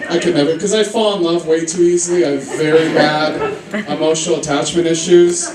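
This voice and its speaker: A man's voice: a little high, fairly even intonation, a little fast, background noise. A young man doing a stand-up routine on a comedy club stage, telling stories in a brash, profane, self-mocking way. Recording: roomy club sound from a distance, with audience laughter.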